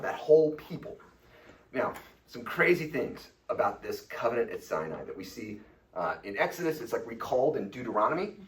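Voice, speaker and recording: A man giving a lively, informal lecture at a church, with casual fillers and quick asides. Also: mid-range voice, far from the mic, low-quality recording. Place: church hall.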